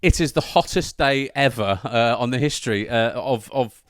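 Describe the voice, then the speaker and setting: Male podcast host, mid-pitched voice, dry close sound, halting casual chat. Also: a bit bright, no room sound. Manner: halting, full of fillers and restarts.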